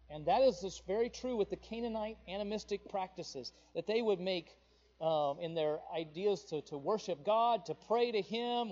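A male pastor preaching a sermon with passion, his voice surging louder on the emphatic points. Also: high-pitched, dull audio.

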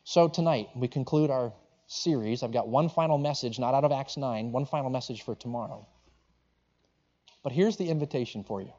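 A male preacher with a mid-range voice tells a sermon story in an animated way, acting out every quote as he goes. The recording sounds slightly dull and lo-fi. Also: mid-range voice, moderate pace. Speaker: pastor.

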